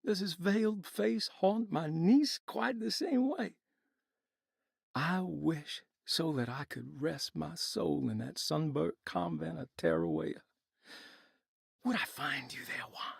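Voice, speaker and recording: Brief: haunted game diarist, husky, raised pitch, mournful old-fashioned phrasing. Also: male voice, animated, takes it slowly, no echo, clean studio sound, full character voice. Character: haunted, tormented man reciting a poetic diary. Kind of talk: video game voice acting.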